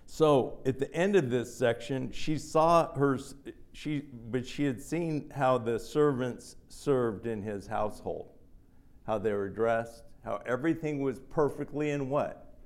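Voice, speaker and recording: A man's voice: medium pitch, unhurried. A man preaching a sermon in a teaching manner, often putting a question to the listeners and answering it himself.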